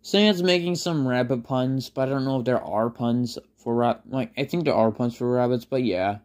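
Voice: medium pitch, normal speed, darkish tone. A fan storyteller improvising a story in a rambling way, full of fillers and self-corrections.

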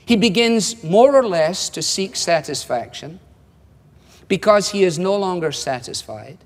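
A man's voice: sits high, expressive, measured pace. A man in his seventies with a Scottish accent, preaching a sermon in a wry, conversational way, acting out quotes. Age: 70s. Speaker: pastor. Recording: long hall reverb.

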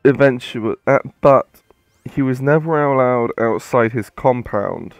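A man's voice: mid-range voice, unhurried, no room sound, dull audio, faint music behind. A man hosting a game playthrough, retelling a story in a rambling, hesitant way with many fillers. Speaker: let's play host.

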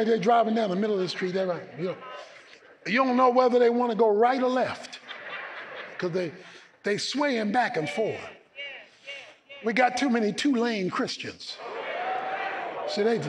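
A man preaching a sermon as pastor, emphatic, swinging between loud declarations and low asides. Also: big-room sound, noisy background.

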